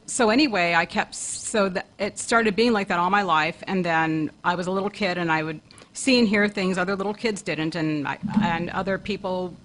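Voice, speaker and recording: A woman's voice: lowish voice, moderate pace, fairly bright tone, low-quality recording. A woman co-hosting a talk show who earnestly recounts a vivid personal experience, often restarting her phrases. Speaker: co-host, paranormal investigator.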